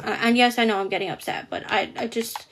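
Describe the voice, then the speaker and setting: A woman's voice: a little high, fairly even intonation, fast talker, background noise. A woman hosting a live stream, angrily calling out a rude commenter, swearing and raising her voice. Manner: angry, yelling at a commenter, swearing. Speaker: TikTok live host. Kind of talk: heated livestream chat.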